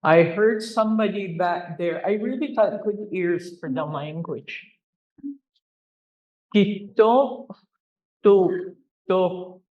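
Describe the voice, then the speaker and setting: Barely pausing, a medium-pitched teacher runs a classroom pronunciation drill at a measured pace, having students repeat words, correcting them with patience, and ribbing them in good fun. The recording is dull and lo-fi.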